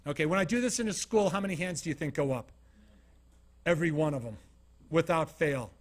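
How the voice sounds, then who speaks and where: A man's voice: fairly high pitch, a little fast. A man from Utah giving an informal motivational talk to a small studio audience. He tells stories with energy and keeps asking the listeners direct questions. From Utah, USA. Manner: animated storyteller, asks the audience direct questions. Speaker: motivational keynote speaker.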